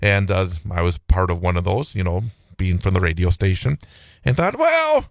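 Male radio host from Wisconsin, low voice, dry close studio mic, chatty and rambling. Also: flat delivery, brisk, vocal fry, no room sound. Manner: chatty, rambling, many fillers and restarts. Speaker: radio talk show host. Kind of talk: casual talk radio chat. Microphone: studio microphone.

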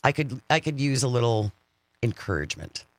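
A man's voice: mid-range voice, a little fast, dry recording. A man hosting a live radio show from a studio, talking in an upbeat, chatty way as he leads an interview. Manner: upbeat, chatty, lively intonation. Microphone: studio microphone.

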